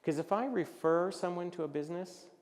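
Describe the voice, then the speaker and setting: A man giving a business presentation at a luncheon, animated and jokey, acting out little voices as he talks. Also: sits high, fairly quick, big-room sound. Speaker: luncheon speaker. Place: event hall.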